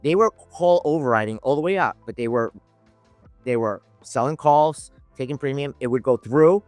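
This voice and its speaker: A man's voice: medium pitch, moderate pace, a little mellow, no room sound, soft background music. A man speaking as a podcast guest, telling a story in casual conversation, rambling with many restarts and voicing the people in it. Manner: rambling, many restarts, acts out quoted dialogue. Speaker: podcast guest, options trader.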